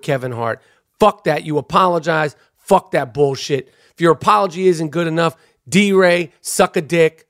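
Podcast host, middle-aged man, high voice, brash and foul-mouthed rant. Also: fairly bright tone. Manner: brash, profane, heated ranting.

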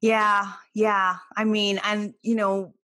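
A woman co-hosting a podcast, telling stories in casual chat, emphatic and quick to laugh. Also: mid-range voice, flat delivery, pushed and bright, no room sound. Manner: storytelling, emphatic, laughs easily. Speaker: podcast co-host.

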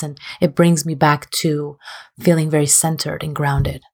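A young woman, a relationship coach, talking openly as a podcast guest, self-deprecating and quick to laugh. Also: low voice, level tone, darkish tone. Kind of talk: candid podcast conversation.

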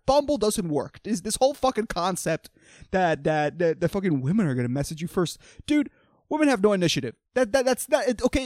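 A young man rants alone into a close, dry microphone, cursing constantly as he riffs. His pitch leaps all over the place, loud bursts dropping into low, muttered asides. Every few words he adds a swear word as filler. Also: dry recording. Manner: profane, ranting, swings from loud outbursts to mumbled asides. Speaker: podcast host. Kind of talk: solo comedic rant.

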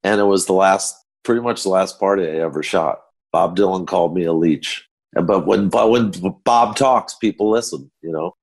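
An older man, a photographer guest, telling backstage anecdotes in an animated storytelling manner. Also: deep voice, moderate pace. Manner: animated storyteller acting out quotes.

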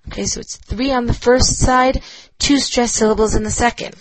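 A woman's voice: fairly high pitch, fairly even intonation, moderate pace, no echo, low-quality recording. Give me a woman teaching a Bible class, dry and close, explaining with plenty of ums. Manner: explanatory, with frequent fillers and checking "right?". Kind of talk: recorded lecture.

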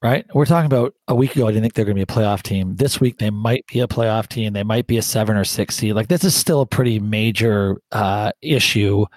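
A man hosting a casual sports podcast, brisk and skeptical as he leads the questions. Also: lowish voice, dry recording. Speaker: host.

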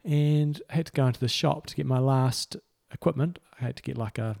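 A man's voice: medium pitch, a little fast, gravelly, darkish tone. A man, co-hosting a podcast and telling laid-back stories in casual chat. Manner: laid-back storytelling, chuckles through anecdotes. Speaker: podcast co-host and triathlon coach.

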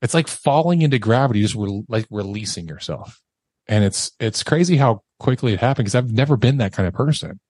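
Sex: man, with a middling pitch. Role: podcast guest. Style: candid, emotional storytelling with casual swearing. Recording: dry and close, with little room sound. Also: lively intonation, fairly quick, a little mellow, slightly rough, dry recording.

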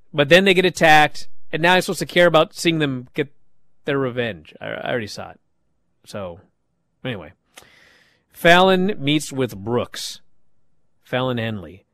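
A man hosting a show, recapping wrestling in a casual, animated way and acting out the quoted lines. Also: medium pitch, no echo.

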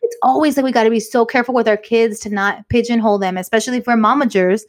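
A woman co-hosting a podcast, chatting casually and telling a lively story, slipping Spanish phrases into her English. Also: fairly high pitch, quick pace. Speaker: podcast co-host. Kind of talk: casual chat.

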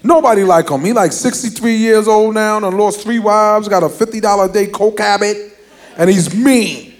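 A man's voice: sits high, normal speed. A man performing a stand-up comedy routine, telling family stories animatedly and laughing through lines.

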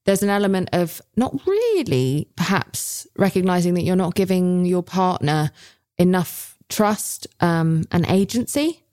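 A woman's voice: on the low side, sing-song, a little slow, warm tone. A woman in her thirties co-hosting a casual chat, frank and swearing freely, telling stories with animation. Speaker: podcast co-host.

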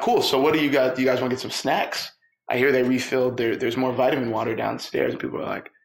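A man telling a personal story, lively and quoting the people in it. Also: medium pitch. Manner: lively, quotes people in dialogue. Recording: roomy echo with faint music.

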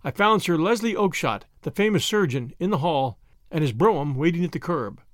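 Man narrating a classic story, slightly high voice, dry close recording. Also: animated, brisk, no room sound. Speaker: audiobook narrator. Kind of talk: first-person storybook narration.

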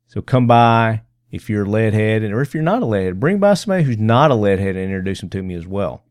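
A man's voice: on the low side, sing-song, fast talker, darkish tone, smooth, no room sound, studio quality. Upbeat chatty male podcast host. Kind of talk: casual podcast chat.

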